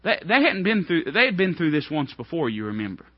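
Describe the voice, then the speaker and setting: A man preaching a sermon, swinging from hushed, low lines to ringing, high outbursts. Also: big pitch swings, a little fast, breathy edge, dry recording, highs cut off.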